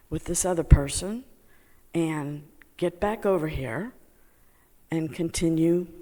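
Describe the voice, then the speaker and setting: Halting lower-voiced woman in an echoey hall. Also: warm tone. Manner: halting, lots of fillers, laughs while telling. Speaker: meditation student sharing a testimony. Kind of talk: personal story told to a group.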